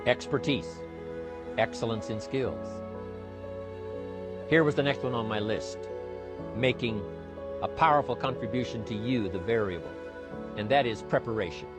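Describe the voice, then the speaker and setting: A man's voice: mid-range voice, normal speed, pauses often, over music. A man giving a motivational speech with an emphatic, repetitive cadence. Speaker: motivational speaker.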